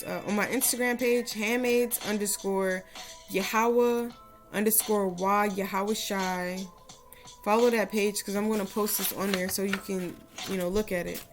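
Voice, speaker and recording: A woman giving casual devotional advice to her followers, earnest and rambling, with many "you know" asides, and reciting a prayer. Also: medium pitch. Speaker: religious vlogger giving advice to women.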